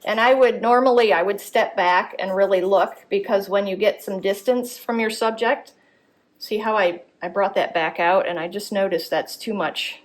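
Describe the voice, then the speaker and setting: A woman art instructor gives a live drawing demonstration at a gallery workshop. She thinks aloud as she works, checking and correcting her shapes in a mid-pitched voice. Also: moderate pace.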